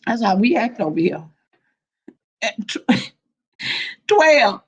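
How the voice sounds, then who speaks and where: Lively high-voiced woman chatting on stream. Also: takes it slowly, slightly rough, rough recording. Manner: playful, laughing often, greets viewers warmly by name. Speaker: livestream host. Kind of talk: casual chat reading viewer comments.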